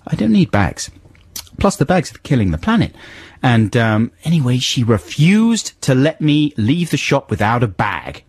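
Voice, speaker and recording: Male radio co-host, husky, dry studio sound, rambling and chatty. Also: medium pitch, sing-song, moderate pace, dry recording. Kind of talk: casual radio banter.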